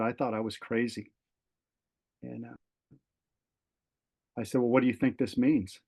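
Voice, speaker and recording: A middle-aged man, a retired fire captain, telling a personal story as a podcast guest, acting out the dialogue with many fillers and restarts. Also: medium pitch. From California. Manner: animated storyteller, voices quoted dialogue, frequent fillers and restarts.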